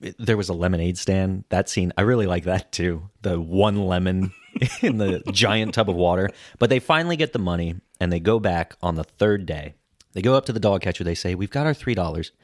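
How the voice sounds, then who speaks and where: A man co-hosting a podcast, casually retelling a film's scenes in an expressive way. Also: deep voice, a little fast, dry recording, studio quality. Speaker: podcast co-host. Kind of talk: casual film review chat.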